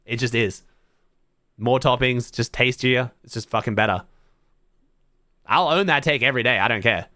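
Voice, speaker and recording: A man's voice: mid-range voice, normal speed, pauses often, sharp tone, no echo, studio quality. An Australian man streaming to his chat, thinking aloud in blunt, casual talk full of swearing. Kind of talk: casual livestream chat to viewers.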